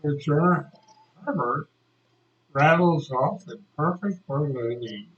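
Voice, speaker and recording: An older man telling a childhood story, acting out the people in it with shouted quotes. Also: a little high, slow pace. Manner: animated, acts out shouted quotes. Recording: dull lo-fi recording.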